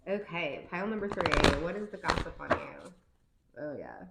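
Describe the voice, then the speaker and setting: Woman doing a tarot reading, kinda low voice, rambly and playful, lots of "like", echoey room. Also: moderate pace, gravelly, heavy background noise. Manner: chatty, rambling, filler-heavy; playful, laughs easily. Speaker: tarot card reader.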